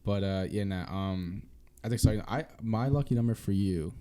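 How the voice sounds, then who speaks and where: A man's voice: on the low side, moderate pace, dark tone, clean tone. A man, hosting a podcast in loose, rambling casual chat full of fillers. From Philadelphia. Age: 20s. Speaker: podcast host.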